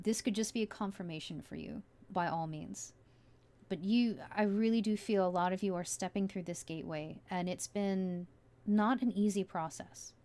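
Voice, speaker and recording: A tarot reader with a warm, mid-range voice gives a casual reading. She muses aloud with many fillers as she turns the cards.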